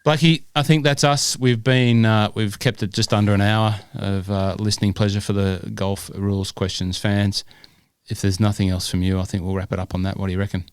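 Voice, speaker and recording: A man's voice: on the low side, little pitch movement, brisk, clear, resonant tone, no room sound, studio quality. A man, co-hosting a podcast. He chats casually with self-deprecating humor and reads quiz questions aloud. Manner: self-deprecating, chatty, with hesitant fillers. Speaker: podcast co-host.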